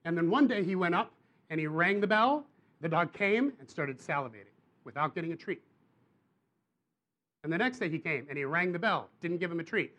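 A young adult man, preaching a sermon and telling a personal story with animated bursts of emphasis. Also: on the high side, brisk, pauses often.

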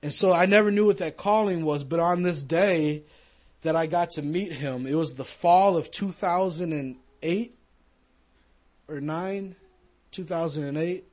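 A man's voice: fairly high pitch, unhurried. Earnest man telling his testimony. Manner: earnest, conversational storytelling with fillers. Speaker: speaker giving a personal testimony. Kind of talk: testimony told to a young audience.

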